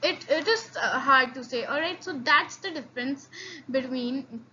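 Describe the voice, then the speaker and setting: High-voiced woman teaching a lesson. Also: pushed and bright. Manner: halting, many fillers and repeats; slow drilled repetitions of sounds. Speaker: language teacher. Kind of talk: online language lesson. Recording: slightly dull lo-fi audio with faint noise.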